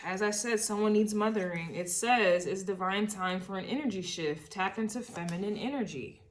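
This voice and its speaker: A woman's voice: medium pitch, moderate pace, slight background noise. A woman giving a casual tarot reading, talking emotionally and repeating herself as she thinks aloud. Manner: casual, uses swear words. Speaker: tarot reader.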